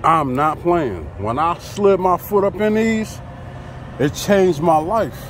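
A man's voice: sits high, expressive, slow pace. Laid-back guy vlogging by his truck, takes his time, voice jumps all over, some faint traffic behind. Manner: laid-back, chatty, talks straight to viewers. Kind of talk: casual vlog talk to camera. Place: outdoors by a truck at a loading site.

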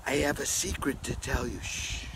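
A man who is a pastor, giving a playful, animated children's message outdoors in his garden at home. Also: fairly high pitch, normal speed, background noise. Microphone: handheld camera.

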